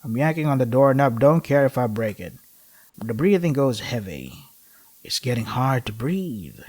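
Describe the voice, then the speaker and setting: A man playing a visual novel, reading its lines aloud and cutting in with deadpan sarcastic remarks. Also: medium pitch, moderate pace. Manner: deadpan sarcastic asides between dramatic reading. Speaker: gaming YouTuber.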